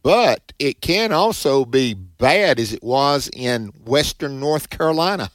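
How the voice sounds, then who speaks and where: A man's voice: mid-range voice, animated, measured pace, a bit bright, no room sound, clean studio sound. A man hosting a Christian call-in radio show, speaking in an emphatic, preacherly way.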